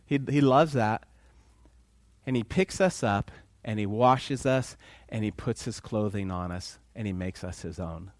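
A man's voice: on the low side, unhurried, a little mellow, no echo. A man preaching a sermon, asking the congregation questions and acting out voices in quotes. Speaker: pastor.

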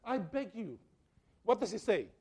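A man preaching a sermon as a pastor, impassioned and pleading, swinging between loud and soft. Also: sits high, sing-song, measured pace, slightly rough.

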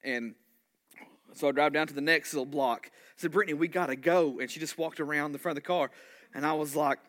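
A man, a pastor telling a story in a sermon, animated and conversational, full of asides. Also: on the high side.

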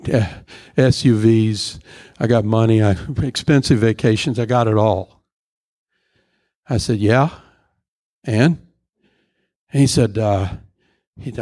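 A man's voice: fairly low pitch, fairly even intonation, a little mellow, dry recording, studio quality. Rambling middle-aged male preacher. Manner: rambling storyteller, halting with many fillers. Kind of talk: sermon with stories and prayer.

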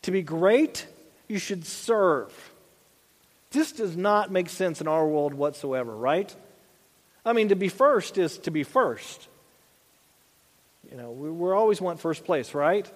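A man in his thirties preaching a sermon as pastor, in a conversational way with frequent asides and restarts. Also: on the high side. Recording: long church reverb.

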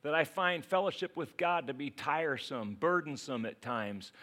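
A male pastor preaching a sermon, swinging between loud urging and quiet asides. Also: fairly high pitch, lively intonation, normal speed, hardly any pauses.

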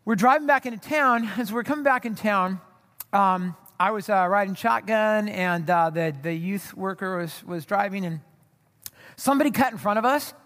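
A man's voice: high voice, normal speed, a bit bright, big-room sound. A man from Southern California giving a sermon as a pastor, telling a story in a conversational way, full of fillers and restarts.

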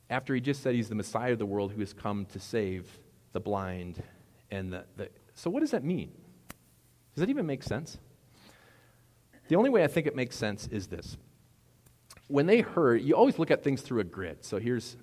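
A man's voice: fairly low pitch, darkish tone. A man preaching a sermon as a pastor, talking conversationally with playful asides. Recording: long hall reverb.

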